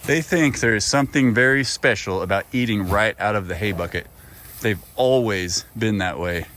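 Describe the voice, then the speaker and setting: A man who farms goats and vlogs about it talks lovingly to them in their outdoor pen, easygoing and playful. He has a lowish, fairly bright voice at normal speed, and faint background noise can be heard.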